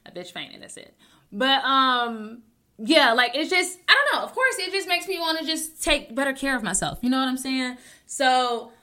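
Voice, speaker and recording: A young adult woman hosting her own talk show, rambling with many restarts, joking to deflect, swinging between loud bursts and soft mumbles. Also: high-pitched, very animated, moderate pace. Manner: rambling, self-interrupting, jokes to deflect. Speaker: podcast host. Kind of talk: casual personal talk show.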